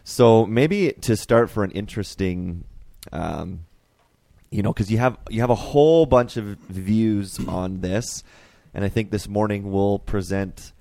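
A man hosting a casual faith podcast, animated and rambling, laughing often. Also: on the low side, a little slow, creaky, dry recording. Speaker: podcast host.

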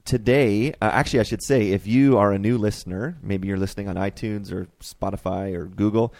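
A man hosting a casual faith podcast, animated and rambling, laughing often. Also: on the low side, a little fast, vocal fry, no room sound. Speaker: podcast host.

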